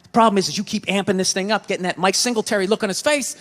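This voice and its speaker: High-voiced ranting stand-up comic, Boston accent. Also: male voice, racing, slight background noise. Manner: ranting, sarcastic, swings between mutters and yelled bits. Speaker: stand-up comedian. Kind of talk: stand-up comedy set. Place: comedy club stage. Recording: reverberant venue with crowd laughter. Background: audience laughter.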